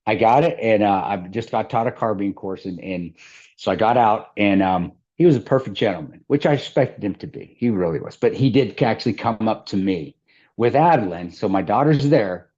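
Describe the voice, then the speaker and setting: A man's voice: on the low side, normal speed, dark tone, lo-fi sound. A middle-aged man from the American Midwest, telling a story as an interview guest, rambling with restarts and laughter. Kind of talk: casual storytelling.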